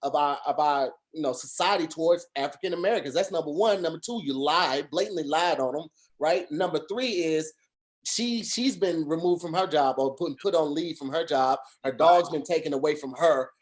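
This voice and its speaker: Over a video call, a man co-hosting a casual podcast talks earnestly in long, meandering stretches full of restarts and filler words. His voice is a little high and his speed is normal.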